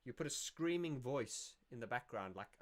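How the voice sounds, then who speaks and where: A man's voice: mid-range voice, expressive, normal speed. A man hosting a casual livestream, answering viewer questions in a rambling, self-correcting way. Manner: rambling and self-correcting, sings snippets to illustrate.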